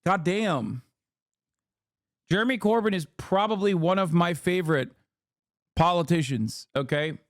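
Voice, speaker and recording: A man in his thirties reacting to a video on a livestream, blunt, exasperated and quick to swear. His voice sits fairly high. The sound is dry and close. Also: no room sound. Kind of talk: casual livestream commentary.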